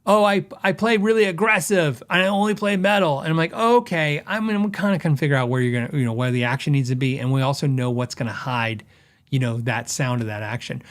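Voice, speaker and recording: Chatty man explaining guitar setups. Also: a little high. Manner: conversational, self-correcting, quotes customers in asides. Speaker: podcast host; guitar repair tech. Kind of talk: casual podcast talk.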